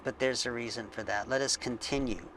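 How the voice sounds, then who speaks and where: A man hosting a coding tutorial, thinking aloud slowly with frequent ums as he works on screen. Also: mid-range voice, fairly even intonation, a bit bright, a little hiss or hum. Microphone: desk mic with face cam.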